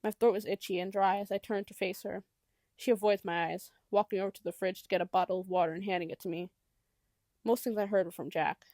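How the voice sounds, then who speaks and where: A woman's voice: medium pitch, little pitch movement, fast talker, darkish tone, no echo, studio quality. A woman narrating a first-person novel as an audiobook in an intimate, reflective way.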